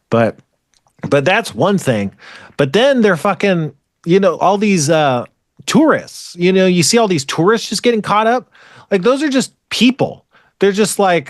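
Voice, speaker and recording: A man's voice: fairly high pitch, expressive, moderate pace, no echo, studio quality. A man co-hosting a podcast, ranting in a rambling, profane, exasperated way in casual chat. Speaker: podcast co-host.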